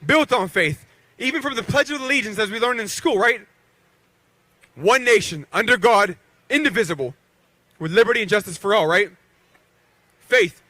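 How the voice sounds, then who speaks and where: A man's voice: high-pitched, animated, moderate pace, long pauses, sharp tone, no room sound. A man in his thirties from western Pennsylvania, a professional boxer giving a rousing rally speech with call-and-response to the crowd. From Beaver County, Pennsylvania.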